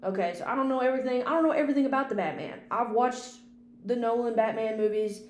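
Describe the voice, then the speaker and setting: A woman's voice: on the high side, fast talker. Chatty swearing woman podcaster, echoey room. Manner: chatty, swears casually, lively rambling. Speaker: podcast host and film critic. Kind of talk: casual unscripted podcast chat. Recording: echoey room with faint hum.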